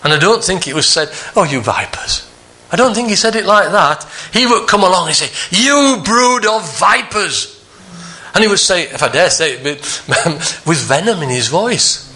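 A man preaching a sermon, earnest, climbing higher for emphasis and dropping soft on the quieter phrases. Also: animated, fairly quick, few pauses.

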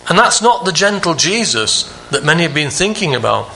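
A man preaching a sermon, earnest, climbing higher for emphasis and dropping soft on the quieter phrases. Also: big pitch swings, a little fast, vocal fry, slight background noise.

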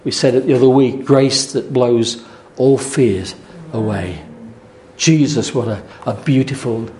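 Earnest male preacher, mellow voice. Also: mid-range voice, a little slow, a little hiss or hum. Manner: earnest, repeating phrases, many restarts. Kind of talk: sermon.

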